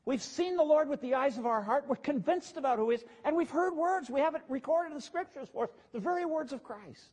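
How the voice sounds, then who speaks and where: A man's voice: very high voice, lively intonation, fairly quick, hardly any pauses, darkish tone. A man preaching a conversational sermon as pastor, plain-spoken and casual, with asides to his congregation.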